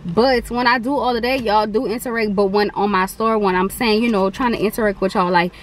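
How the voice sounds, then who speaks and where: A woman's voice: mid-range voice, steady tone, brisk, a little hiss or hum. A young adult woman, chatting casually and rambling on a mukbang vlog. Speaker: vlogger.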